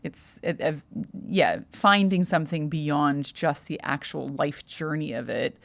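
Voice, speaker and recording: A young adult woman co-hosting a podcast, talking thoughtfully in a halting way and often restarting her sentences. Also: sits low, vocal fry, a bit bright. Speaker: podcast co-host. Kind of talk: casual podcast conversation.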